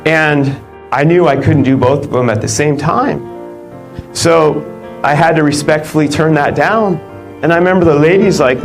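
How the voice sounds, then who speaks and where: A man in his thirties giving a live motivational keynote, telling his story in a lively, conversational way with lots of "like" fillers. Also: a little high, normal speed, soft background music, poor audio. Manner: animated, conversational, many "like" fillers, laughs between lines. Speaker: keynote speaker. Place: live event stage.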